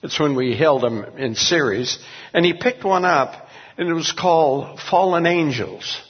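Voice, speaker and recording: Man, older, pastor, earnest, halting, husky, dull recording, long reverb. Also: a little high. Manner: earnest, halting, many restarts. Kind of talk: testimony in an interview.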